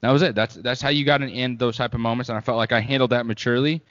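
A man's voice: mid-range voice, steady tone, rapid-fire, fairly bright tone. A man with a mid-range voice chatting casually, laughing and swearing as he mocks his own temper. His voice trails off into long reverb. The audio is dull and lo-fi. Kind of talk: casual chat.

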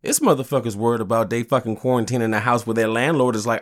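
A man's voice: medium pitch, lively intonation, quick pace, few pauses. A man hosting a podcast, ranting angrily and profanely in a casual, heated way. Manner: angry, profane, heated, frequent "you know what I'm saying". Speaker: podcast host.

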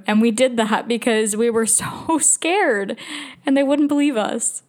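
A young woman hosting a podcast, telling a personal story in a chatty, halting way with many fillers and restarts. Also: on the high side. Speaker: podcast host. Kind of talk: casual storytelling.

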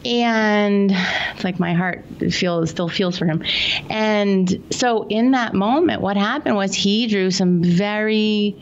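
A woman's voice: medium pitch, highs cut off. Earnest woman telling client stories. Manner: earnest, anecdotal, acts out quotes. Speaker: guest, money coach. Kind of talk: casual interview storytelling.

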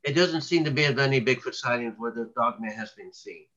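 A man's voice: mid-range voice, fairly quick, sharp tone, lo-fi sound. A man being interviewed as a researcher, telling long stories in a rambling way, with many restarts and fillers. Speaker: cryptid researcher guest. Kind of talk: casual interview talk.

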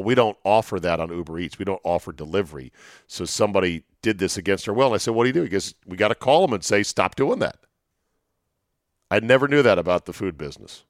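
A man hosting a talk show, telling stories in a chatty, wry way, his voice going hoarse. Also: fairly low pitch, dry recording, clean studio sound. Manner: chatty, storytelling, wry asides. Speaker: sports radio host. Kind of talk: solo monologue, casual chat.

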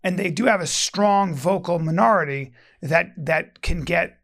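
A man's voice: sits high, unhurried, fairly bright tone. A man chatting casually, telling a rambling, profane story with lots of restarts. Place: Venice, Los Angeles resident.

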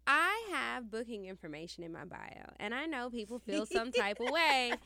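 A woman's voice: on the high side, sing-song, moderate pace, vocal fry, pushed and bright, slight background noise. A woman co-hosting a podcast, talking bluntly and jokingly and swearing freely in casual chat. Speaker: podcast co-host.

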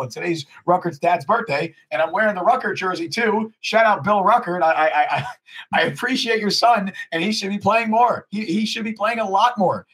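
A man with a husky voice pitched a little high co-hosts a casual sports podcast. He rants with heat and keeps restarting his sentences as he pushes each point. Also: a bit bright. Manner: heated ranting with frequent restarts. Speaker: podcast co-host.

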